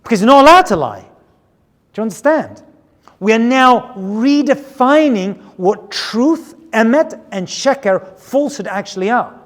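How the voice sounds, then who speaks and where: High-voiced rabbi in a reverberant hall. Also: male voice, measured pace. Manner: animated, rhetorical, keeps asking "right?". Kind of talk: sermon-style lecture with storytelling.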